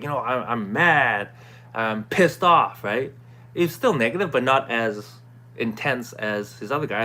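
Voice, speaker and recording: Male vlogger, casual self-help recap, conversational, frequent "right?" and throat clearing. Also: medium pitch, pushed and bright. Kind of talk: casual talking-to-camera recap.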